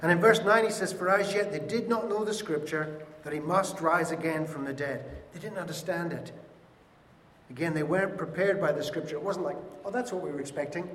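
A man with a fairly high voice delivers a lively Easter sermon, slipping into the voices of the people he describes. He is picked up from a distance, so the sound comes with a long echo off the walls of a church hall. Faint ambient noise hangs in the background. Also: a little fast. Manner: expressive, acts out voices of biblical figures. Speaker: pastor.

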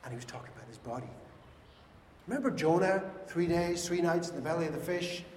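In a church hall, a male pastor preaches an Easter sermon, bringing the biblical characters to life by performing their voices with great expression. He talks briskly in a fairly high pitch. Captured from a distance, the audio echoes through the hall and carries slight background noise.

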